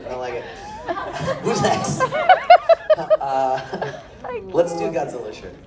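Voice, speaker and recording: A man's voice: mid-range voice, wildly swooping pitch, takes it slowly. Man telling stories at a fan panel. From rural area. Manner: playful, laughs through his stories. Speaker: convention panel guest. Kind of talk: animated storytelling at a fan panel. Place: large convention hall. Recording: echoey hall from far off, loud crowd noise.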